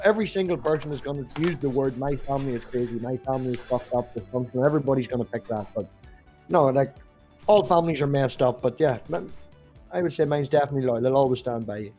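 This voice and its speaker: A man's voice: medium pitch, fast talker, warm tone, soft background music. A man with a Northern Irish accent, blunt and swearing freely on an online quiz call. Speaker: quiz guest. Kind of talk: casual group chat.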